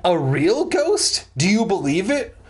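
A man voicing a frantic, excitable teenage girl ghost hunter in a comic reading of a children's spooky story, shrieking and breathless. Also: on the high side, normal speed. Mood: thrilled.

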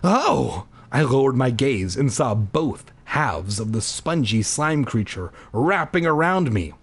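A man hosting a read-aloud podcast, narrating with a husky, slightly breathy voice. His pitch leaps up and down as he plays up the drama. He keeps breaking off into crude throwaway jokes. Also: expressive, measured pace. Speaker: podcast host reading a children's horror book aloud. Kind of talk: comedic read-aloud with jokey asides.

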